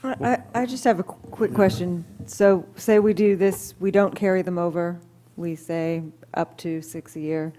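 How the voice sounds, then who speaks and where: A woman's voice: lowish voice, steady tone, a little slow, warm tone, slight background noise. A woman on the board asks questions at a meeting, thinking aloud as she goes. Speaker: board member.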